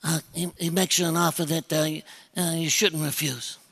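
A man putting on the voice of a calm, menacing older mafia boss, gravelly and husky. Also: on the high side, normal speed, big-room sound, exaggerated voice. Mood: quiet menace.

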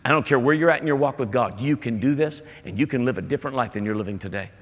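A man's voice: medium pitch, quick pace. A male pastor delivering a sermon, speaking emphatically and chatting directly with his congregation in a church. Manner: emphatic, conversational preaching with asides to the congregation. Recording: long hall reverb.

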